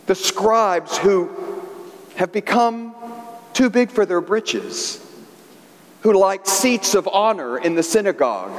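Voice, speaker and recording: A male priest preaches a Sunday homily in a bright, high-pitched voice that swoops and rises with each point. He leans on stories and repeats phrases for emphasis. A long church reverb hangs behind him. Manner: storytelling, emphatic repetition.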